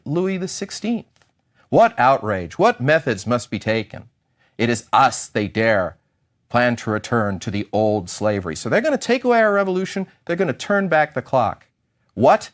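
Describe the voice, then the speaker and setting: Middle-aged male professor, lively pitch, theatrical lecture delivery with playful asides. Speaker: history professor. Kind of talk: university lecture.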